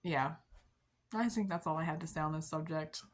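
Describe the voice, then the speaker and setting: A young woman talks casually into her camera, rambling along with lots of likes and ums. She laughs softly at herself now and then, and her voice sits a little low for a woman. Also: moderate pace. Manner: rambling, many likes and ums, soft self-deprecating laughs. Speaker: vlogger. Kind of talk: casual confessional chat to camera.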